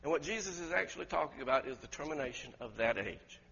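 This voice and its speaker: A man preaching a sermon, emphatic and questioning the congregation, rising to loud peaks. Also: on the high side, expressive, fast talker, creaky, slightly rough. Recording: lo-fi recording with long hall reverb.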